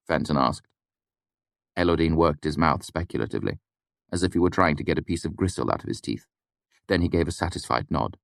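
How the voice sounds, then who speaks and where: A man narrating a fantasy audiobook in a measured, expressive storytelling manner. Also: extremely low pitch, creaky, dry recording, clean studio sound.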